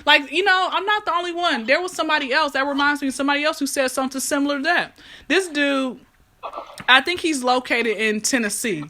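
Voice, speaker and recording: A woman's voice: high-pitched, fairly quick, sharp tone. A woman hosting a podcast, chatting casually and telling stories in a rambling, chatty way over a remote call line. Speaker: podcast host.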